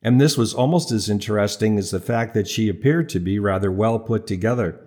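A man's voice: fairly low pitch, brisk, darkish tone. A man narrating an audiobook in a wry, playful storytelling manner. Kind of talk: scripted narration.

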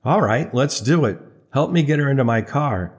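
A man's voice: medium pitch, animated, normal speed, pitched above the performer's own voice, natural voice. Man voicing a dry, sarcastic young guy. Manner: sarcastic, cheeky.

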